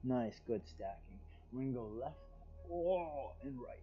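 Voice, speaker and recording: A man teaching a guided yoga class over a livestream, with calm, soothing, drawn-out cues and sighs of relief. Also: medium pitch, muffled recording, over music.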